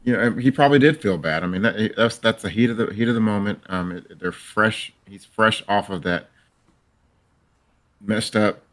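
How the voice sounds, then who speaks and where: Low-voiced hesitant man. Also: a bit bright. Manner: hesitant, measured, thinks aloud. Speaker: co-host. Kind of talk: casual live-stream discussion.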